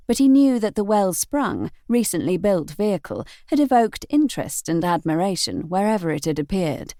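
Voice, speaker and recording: A woman narrating an audiobook novel in an expressive, measured storytelling manner. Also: lowish voice, no room sound, clean studio sound.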